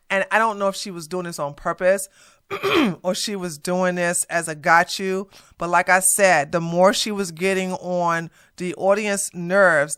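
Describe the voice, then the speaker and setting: A woman's voice: on the low side, a bit bright, smooth. A woman hosting reaction commentary, blunt and mocking, with a profane edge. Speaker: commentary host.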